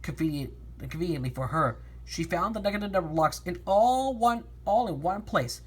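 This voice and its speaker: A woman's voice: fairly low pitch, moderate pace, breathy edge. A woman reading a fan storybook aloud, often stumbling and restarting lines. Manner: lively, with frequent restarts and stumbles.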